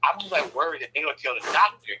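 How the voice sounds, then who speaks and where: A man from Southern California telling personal stories in a casual, animated way, swearing freely and acting out the voices he quotes. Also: on the high side, racing, a little hiss or hum, rough recording. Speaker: speaker sharing personal stories. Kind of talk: casual storytelling.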